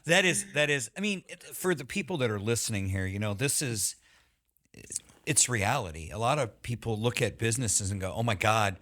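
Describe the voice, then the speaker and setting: Man, podcast host, casual interview, animated, joking, bright, lively pitch. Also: normal speed.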